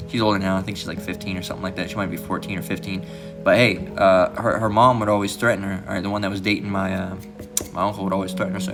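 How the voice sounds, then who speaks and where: Rambling low-voiced man over background music. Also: flat delivery, fast talker. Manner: rambling, fills with "all right" and "you know"; mimics others in a raised mocking voice. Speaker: channel host. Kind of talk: casual rambling commentary. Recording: music playing behind the voice.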